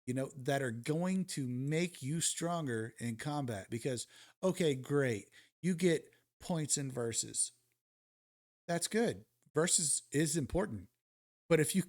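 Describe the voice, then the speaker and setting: A man's voice: on the high side, a little mellow. Blunt, swaggering gaming YouTuber man. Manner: blunt, swaggering, rhetorical questions. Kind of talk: casual ad-lib commentary over gameplay.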